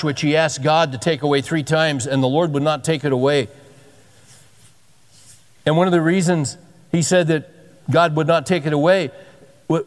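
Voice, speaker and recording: A man preaching a sermon as a pastor, conversational and emphatic, often repeating himself for stress. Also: fairly high pitch. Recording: long hall reverb.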